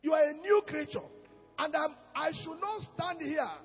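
High-voiced pastor shouting in a hall. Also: male voice, moderate pace. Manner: swings from shouting to low murmurs. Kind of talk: sermon. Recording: echoey hall with dull sound and music.

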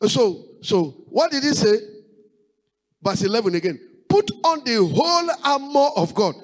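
Lively, high-pitched preacher man. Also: poor audio. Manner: preaching with rising exclamations and repetition. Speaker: pastor. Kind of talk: sermon.

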